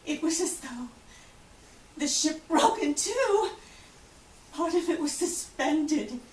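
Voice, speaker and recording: Woman doing a feisty rich lady survivor telling her story on stage, kinda high voice, far off in a roomy space. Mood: anguished. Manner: vivid storytelling, acts out other people's voices. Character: bold, outspoken wealthy woman, Titanic survivor. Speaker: actress in a first-person historical portrayal. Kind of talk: theatrical first-person monologue. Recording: roomy, distant, faint hiss.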